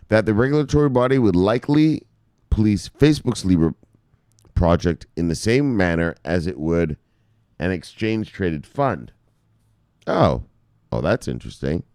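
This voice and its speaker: A man's voice: low voice, vocal fry, a little mellow, dry recording, studio quality. A man hosting a crypto news vlog, ranting casually with lots of swearing and laughing asides. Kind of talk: casual profane news commentary.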